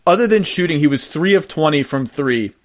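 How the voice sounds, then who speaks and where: A man's voice: on the high side, lively intonation, a little fast. A man hosting a podcast interview, asking eager, rambling questions. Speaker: podcast host. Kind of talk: casual interview.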